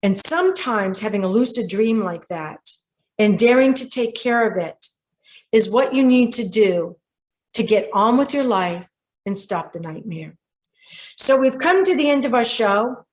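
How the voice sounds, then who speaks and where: Animated woman host telling a dream story. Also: on the high side, measured pace. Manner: animated storyteller who quotes people directly. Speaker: radio show host and dream interpreter. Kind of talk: storytelling monologue.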